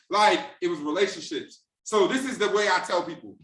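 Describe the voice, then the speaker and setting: A high-pitched man with a bright, forceful voice gives a motivational sales training on a group call. He talks in street slang and breaks into acted-out conversations in different voices. He sits a little back from the mic in a roomy, echoing space. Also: brisk, distant mic.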